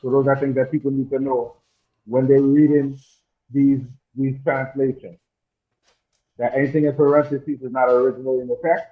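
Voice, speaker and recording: A man co-hosting a casual stream discussion, making measured explanatory points. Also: medium pitch, little pitch movement. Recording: tinny phone-like line.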